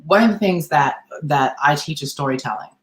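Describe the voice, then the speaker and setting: A woman hosting a podcast as a mindset coach. Her voice sits on the low side, and her delivery is earnest, emphatic and motivational. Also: expressive, a little fast. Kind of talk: podcast conversation.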